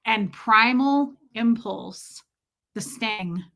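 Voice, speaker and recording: On a live stream, a woman reads out viewer comments and responds, her bright, clear voice sitting a little high. She speaks very slowly, chatty and thoughtful, stretching out the words she wants to emphasize, picked up by a streaming mic.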